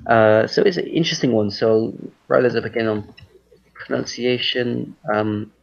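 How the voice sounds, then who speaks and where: A British man teaching an online English class, relaxed and hesitant, with many fillers and restarts, heard over a video call. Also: medium pitch, moderate pace, vocal fry. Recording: muffled lo-fi call audio.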